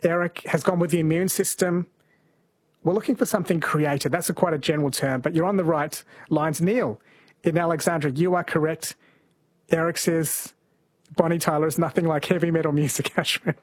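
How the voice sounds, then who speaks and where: A husky, slightly higher-pitched man hosts an overnight radio quiz. He talks in a gentle, chatty way and laughs easily. The studio sound is dry and close. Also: fairly even intonation, brisk, no echo. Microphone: studio microphone.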